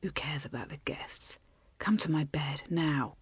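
A woman narrator voicing an ardent, wry young nobleman in a lowered, hushed voice that slips into a breathy whisper. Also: expressive, normal speed, no echo, clean studio sound, full character voice. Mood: low murmur. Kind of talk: audiobook character voice.

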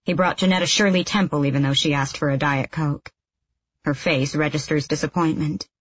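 Low, husky woman narrating a novel. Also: fairly even intonation, brisk, no room sound, dull audio. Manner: wry, conversational. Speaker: audiobook narrator. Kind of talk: first-person novel narration.

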